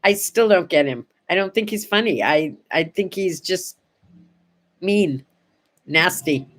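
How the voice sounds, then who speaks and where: Older lady chatting slow to camera, morning show host, goes soft and quiet on sad bits. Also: lowish voice, expressive. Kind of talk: casual morning chat to camera.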